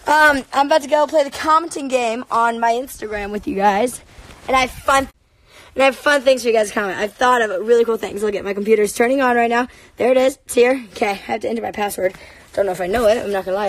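A woman hosting a casual live stream from her bedroom, chatting with viewers in a bubbly, excitable way. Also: fairly high pitch, fairly quick. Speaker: livestream host. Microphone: laptop or phone live stream.

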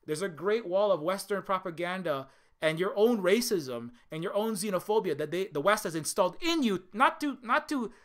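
A man's voice: sits high, animated, normal speed. A man from Hawaii giving a heated unscripted monologue, repeating words and restarting his sentences. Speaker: video essayist.

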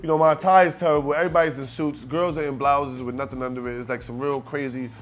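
Give me a man, a rapper, telling an animated, profane story at a quick clip. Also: mid-range voice. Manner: animated, profane, acts out scenes. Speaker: guest rapper. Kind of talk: casual storytelling.

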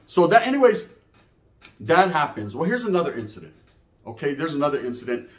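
A man's voice: a little high, sing-song, brisk, reverberant. A man telling prison stories in a casual, profane, slang-heavy monologue, laughing at his own tales. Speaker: storyteller recounting prison life.

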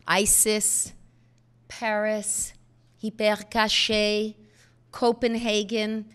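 Earnest woman giving a measured speech. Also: mid-range voice, fairly bright tone. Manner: earnest, measured oratory with emphatic pauses. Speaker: speaker at a foundation event. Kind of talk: prepared speech.

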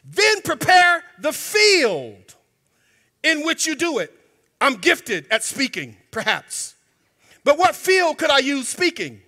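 A man preaching a sermon in a church, emphatic and colloquial, sometimes breaking into shouts. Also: extremely high pitch, sing-song, unhurried. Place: church sanctuary. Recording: long hall reverb.

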